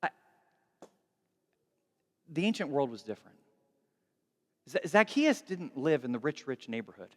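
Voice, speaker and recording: A man preaching a sermon, animated and acting out dialogue, moving from hushed lines to shouts. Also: a little high, measured pace, pauses often, long reverb tail. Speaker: pastor.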